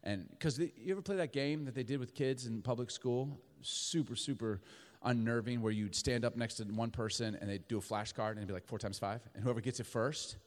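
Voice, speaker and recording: A middle-aged man preaching a sermon in a large church auditorium, moving between booming emphasis and hushed, intimate passages. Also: brisk, long reverb tail. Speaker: pastor.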